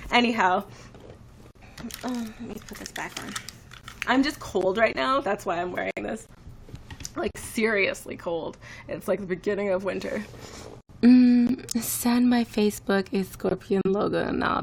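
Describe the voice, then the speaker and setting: A woman's voice: medium pitch, normal speed, vocal fry, slight background noise. A woman in her twenties chatting casually on a live stream, rambling and reacting to viewer comments. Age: 20s. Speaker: livestreamer.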